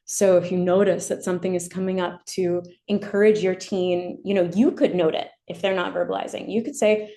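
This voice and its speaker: Mellow-voiced woman presenting a webinar. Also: on the low side, steady tone, moderate pace. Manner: gentle, explanatory, models example phrases. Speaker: educational therapist.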